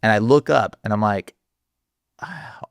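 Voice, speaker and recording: A man in the middle of pitch, recorded close and dry, telling a personal story as a podcast guest. He talks in a casual, slangy way, full of fillers, and laughs often. His voice jumps high whenever he gets worked up. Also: fairly quick, dry recording. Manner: voice jumps high when excited.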